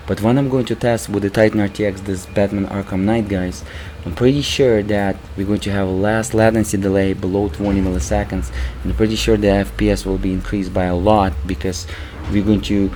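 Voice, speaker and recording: A man with a voice worn hoarse from recording, casually commenting over his gameplay as a PC gaming channel host and calling his viewers "guys". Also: low-pitched, warm tone, slight background noise, poor audio. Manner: keeps calling the viewers "guys", rambling with restarts.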